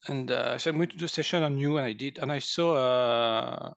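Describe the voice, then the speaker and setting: A man's voice: medium pitch, brisk, vocal fry, no echo. A man in his sixties from France, speaking English with a French accent, who tells his story as an interview guest, laughing often and acting out what people said. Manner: animated, laughs often, acts out quoted speech. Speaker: guest, energy healer.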